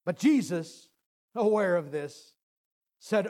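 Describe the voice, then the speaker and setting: A man preaching with a high, highly animated voice that rises and falls widely. He talks slowly and drawn out, swinging from loud declarations to near-hushed phrases. His retelling of scripture is casual and conversational. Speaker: pastor. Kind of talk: sermon.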